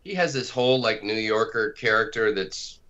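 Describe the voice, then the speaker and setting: A man with a low, bright and forceful voice talks in a loose, chatty way. He laughs easily and pokes fun at himself as the conversation rolls along. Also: moderate pace, highs cut off. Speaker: co-creator and podcast guest. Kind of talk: casual conversation.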